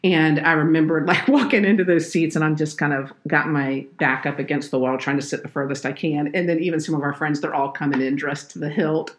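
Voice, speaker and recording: A woman's voice: low-pitched, steady tone, fairly quick, few pauses. A woman, an earnest podcast guest telling a heartfelt faith story. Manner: earnest, heartfelt, tearful at moments. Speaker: podcast guest, children's minister.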